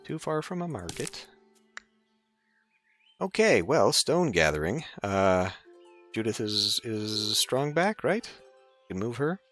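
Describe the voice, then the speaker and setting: A man's voice: lowish voice, very animated, takes it slowly, pauses often, a bit bright, faint music behind. A man giving casual gameplay commentary as a let's play host, chatty and thinking aloud.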